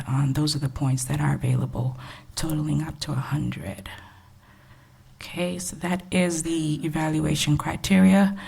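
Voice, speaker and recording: A young woman from the city's grants office walking through evaluation criteria at a workshop, soft-spoken and measured with many fillers, a little short of breath. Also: sits low, gravelly, slightly rough. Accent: Texan. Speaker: grants evaluation staff presenter. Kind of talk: presenting at a public workshop.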